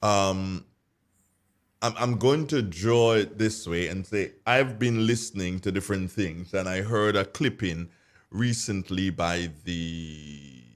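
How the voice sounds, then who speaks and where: Low-voiced Grenadian radio host. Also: male voice. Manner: halting, with many fillers. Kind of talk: radio talk show hosting.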